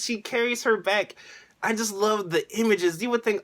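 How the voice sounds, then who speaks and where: Excitable man ranting about anime. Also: sits high, moderate pace. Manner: excitable, laughs often, uses slang. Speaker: anime reviewer vlogger. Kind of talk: casual rant.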